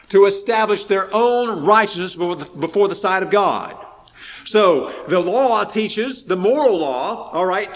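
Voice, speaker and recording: Bright, high-voiced preacher man. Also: rough recording. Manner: earnest, repeats phrases, asks the listeners questions. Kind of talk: sermon.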